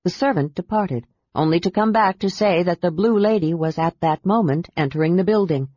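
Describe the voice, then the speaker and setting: A reader narrating a fantasy novel in a steady, even storytelling voice. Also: mid-range voice, fairly quick, no echo. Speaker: audiobook narrator. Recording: dull, dry audiobook sound.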